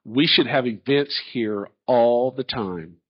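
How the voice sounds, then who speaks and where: A man's voice: mid-range voice, slow, slightly rough. A middle-aged man, a candidate answering questions in a public forum in a folksy, storytelling way. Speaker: chancellor candidate. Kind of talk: public Q&A presentation. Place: large hall. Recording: dull lo-fi audio.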